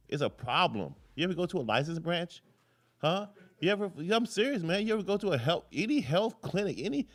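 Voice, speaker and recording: A man hosts a live political commentary show in a mid-range, fairly bright voice. He keeps it casual, drifting between tangents and cursing freely as he goes.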